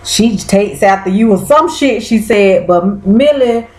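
Slow-talking, animated woman. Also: mid-range voice, echoey room, rough recording. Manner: animated, slangy, exclaiming to viewers. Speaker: TV episode recapper. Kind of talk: casual recap chat.

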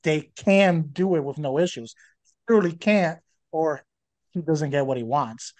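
A man's voice: fairly high pitch, normal speed, a little mellow. A man co-hosting a podcast in casual chat, rambling with fillers and restarts. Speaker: podcast co-host.

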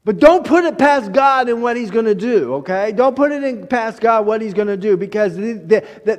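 A man with a high voice preaching, storytelling with animation and acting out the quotes. He often restarts his phrases. His voice rings with long reverb. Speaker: pastor. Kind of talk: sermon.

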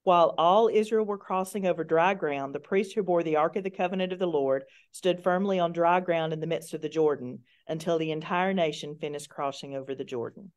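A woman in a church Bible study reading a long scripture passage aloud, steady and careful. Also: on the low side, fairly quick, few pauses.

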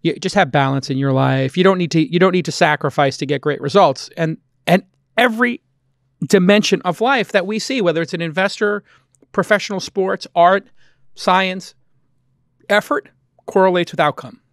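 A man's voice: sits high, moderate pace, a bit bright, no echo, clean studio sound. A man from Brooklyn with a Brooklyn accent, hosting a podcast in an emphatic, opinionated way. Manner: emphatic, opinionated, repeats points for stress. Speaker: podcast host. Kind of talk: casual podcast talk and host-read ad.

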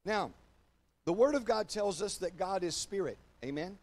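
High-voiced older man preaching a sermon. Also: expressive. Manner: emphatic preaching, swinging from loud declarations to low, slow confiding; addresses congregation and online viewers directly. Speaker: pastor.

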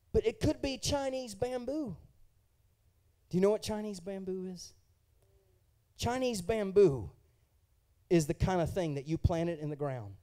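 Male pastor, high mellow voice, preaching in church; swings from hushed storytelling to fervent, raised delivery. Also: very animated, moderate pace, long pauses. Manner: swings from quiet, intimate talk to loud, fervent preaching; asks the congregation questions and tells personal testimony. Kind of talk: sermon.

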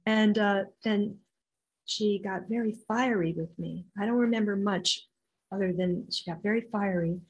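An older woman, an intuitive healer being interviewed, telling her story in an animated way and acting out the voices of others. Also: mid-range voice, unhurried, lo-fi sound.

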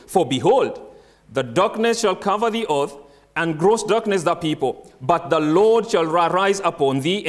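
A man preaching a sermon who does not speak English as his first language. He reads scripture slowly and stresses single words, and he puts questions to the congregation and then answers them. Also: high voice.

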